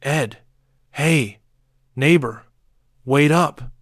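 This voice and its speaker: A man's voice: medium pitch, animated, unhurried, no room sound, clean studio sound, close to an everyday voice. A man voicing a blunt, nosy neighbor man who complains and demands answers. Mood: calling out.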